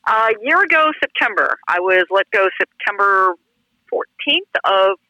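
A woman from Pittsburgh who used to work in radio chats as an interview guest. Her intonation rises and falls a lot, her tone is bright, and the recording is close and dry. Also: medium pitch, lively intonation, a little slow, no echo, highs cut off. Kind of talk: casual interview chat.

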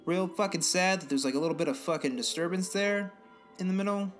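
A young man with a somewhat high voice talks in a loose, meandering way, cursing often and building into animated rants. It is an unscripted podcast chat with faint music underneath. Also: a little fast. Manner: rambling, profane, animated ranting. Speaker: podcast co-host. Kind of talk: casual chat.

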